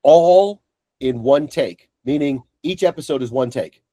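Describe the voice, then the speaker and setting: Animated swearing podcast guy. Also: medium pitch, measured pace, no echo. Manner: animated storyteller, swears freely. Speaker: podcast co-host. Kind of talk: casual chat.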